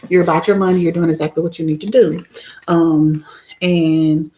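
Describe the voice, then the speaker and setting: Woman tarot reader with a sore throat, lower voice, giggly and loose. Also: fairly even intonation, normal speed, dark tone, rough recording. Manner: chatty, giggly, lots of fillers. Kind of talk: casual live-stream tarot reading.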